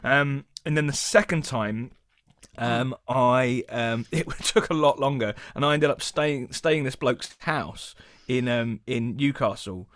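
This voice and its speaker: A man, a comedy podcast guest, telling an animated, chatty story and laughing as he talks. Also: medium pitch, a little slow, no echo.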